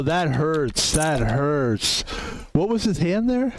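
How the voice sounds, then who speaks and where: A man's voice: on the high side, very animated, a little slow. A man streaming a poker game, chatting in a rambling way, swearing freely and calling out his own name as he plays. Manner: chatty, rambling, swears freely, talks about himself in third person. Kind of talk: casual gameplay commentary. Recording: music playing behind the voice.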